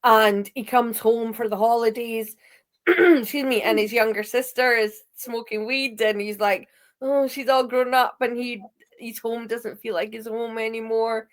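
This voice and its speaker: Woman co-host, slightly high voice, thoughtful tone. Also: measured pace. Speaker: podcast co-host. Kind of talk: casual chat reviewing a TV show.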